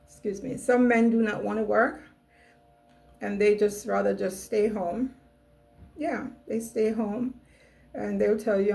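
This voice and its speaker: A woman's voice: mid-range voice, gravelly, a little mellow, low-quality recording. A middle-aged woman hosting her own channel, giving a chatty, musing monologue on relationships with many "you know" asides. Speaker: channel host.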